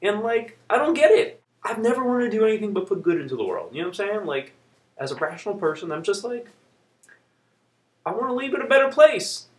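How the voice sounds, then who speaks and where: A man vlogging, ranting heatedly in an animated way and swearing casually. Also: high-pitched, brisk, echoey room. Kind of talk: ranting video blog.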